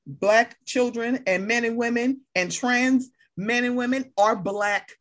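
A woman with a fairly high voice, speaking a little slowly, hosts a casual chat. She's passionate and blunt, swears freely and vividly acts out the people she quotes.

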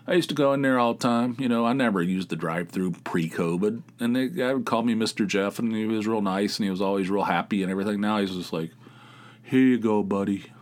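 Podcast host, male, lowish voice; loose, rambling, profane storytelling with lots of fillers. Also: quick pace, few pauses. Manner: meandering storyteller, swears freely, frequent filler words. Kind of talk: casual rambling monologue.

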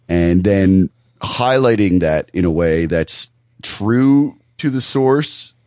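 A man co-hosting a podcast, talking things over in a thoughtful, halting way with many restarts. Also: deep voice, a little mellow, no echo, clean studio sound. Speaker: podcast co-host. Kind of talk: casual podcast discussion.

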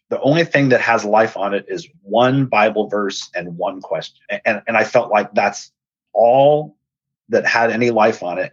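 Brief: lowish, husky male host, earnest storyteller, dull dry recording. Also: no echo. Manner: earnest, animated retelling with quoted dialogue. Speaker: podcast host and speaker. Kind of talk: personal storytelling.

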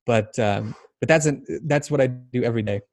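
A man hosting a podcast, explaining ideas thoughtfully with many pauses. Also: mid-range voice. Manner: thoughtful, explanatory, halting with fillers. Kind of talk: casual podcast chat.

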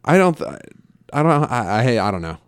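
A man's voice: mid-range voice, sing-song, clean tone, dry recording. Profane laid-back man, dry close sound. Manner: profane, rambling, quick bursts of laughter. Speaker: podcast co-host. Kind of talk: casual chat.

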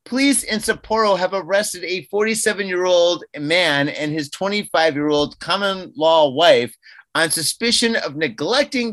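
A man co-hosting a podcast in casual chat, animated and quick to laugh. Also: a little high, no room sound. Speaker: podcast co-host.

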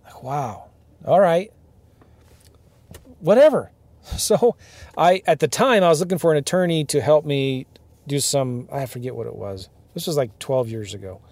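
A man hosting a podcast from his car, ranting in an animated way and firing off rhetorical questions to his listeners. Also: on the high side, moderate pace, pauses often, dry recording. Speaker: podcast host, real estate investing coach. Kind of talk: ranting monologue.

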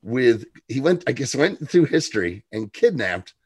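A man's voice: mid-range voice, normal speed, breathy edge. A man co-hosting a podcast, chatting casually about a TV episode and acting out lines from it. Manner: animated, quotes characters in put-on voices, laughs often. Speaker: podcast co-host. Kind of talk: casual chat recapping a TV episode.

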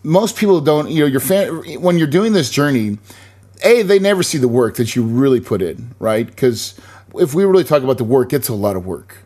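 A man's voice: mid-range voice, animated, fairly quick, darkish tone. A man hosting a casual interview podcast, upbeat and enthusiastic, tagging his points with "right?". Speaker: podcast host.

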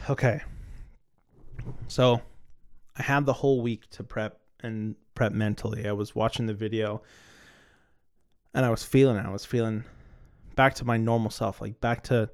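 A man's voice: fairly low pitch, fairly even intonation, normal speed. A man hosting a podcast and telling a personal story in a candid, casual way. He swears freely and repeats words as he restarts. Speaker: podcast host. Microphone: recording on two cameras.

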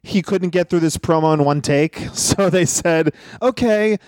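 A man's voice: on the high side, steady tone, moderate pace, darkish tone, no room sound, clean studio sound. A man co-hosting a casual podcast chat, amused and laughing often. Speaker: podcast co-host.

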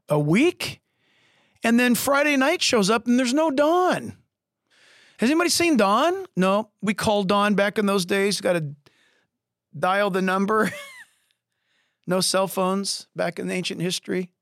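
A middle-aged man preaching a podcast sermon as pastor, telling stories with lively acted-out voices. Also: sits high, a little slow, long pauses, no echo, clean studio sound. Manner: animated, acts out voices in stories. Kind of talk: sermon storytelling. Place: podcast studio.

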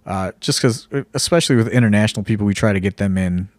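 A man's voice: lowish voice, fast, dry recording. A man co-hosting a casual podcast, telling a rambling story full of fillers and the odd swear word. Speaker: wrestling promoter and podcast co-host.

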